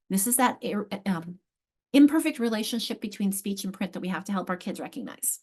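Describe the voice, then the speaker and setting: A woman's voice: mid-range voice, brisk, darkish tone. A middle-aged woman giving an online workshop lecture on literacy, explaining with emphasis and frequent restarts. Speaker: literacy instructor.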